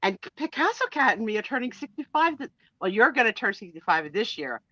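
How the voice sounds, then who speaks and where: Woman in her sixties, live-stream host, lively pitch, bright voice, dull lo-fi audio. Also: brisk, no echo. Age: 60s. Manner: chatty and animated, laughs easily. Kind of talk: casual live-stream chat.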